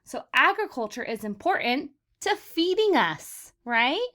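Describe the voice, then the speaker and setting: A woman teacher leading a vocabulary lesson for young children, sounding out words slowly for them to repeat and calling them "my friends.". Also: high voice, very animated, pushed and bright. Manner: slow, exaggerated word modeling for repetition; encouraging, addresses children as "my friends".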